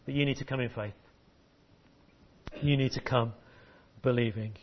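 A man's voice: mid-range voice, fairly even intonation, moderate pace, muffled recording. A man preaching a sermon and leading children through a memory verse, encouraging and call-and-response. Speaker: pastor. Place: church service.

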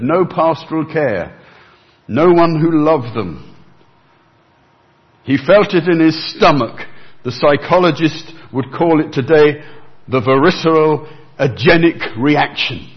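A man's voice: mid-range voice, muffled recording. A man preaching a sermon, expounding scripture earnestly and rising in emphasis at key points.

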